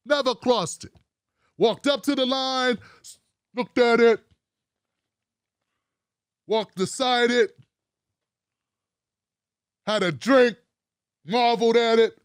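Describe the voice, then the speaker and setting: A man hosting a political commentary vlog, talking in a profane, mocking and animated way. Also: very high voice, slow pace, long pauses, smooth, no echo, studio quality.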